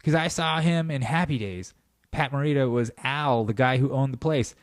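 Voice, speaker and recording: A man hosting a podcast talks through a loose comedic monologue. He riffs in an animated, profane way and slips into mock voices now and then. His voice sits at an ordinary middle pitch, recorded close and dry with no room sound. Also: moderate pace, no room sound. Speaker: podcast host. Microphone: podcast mic.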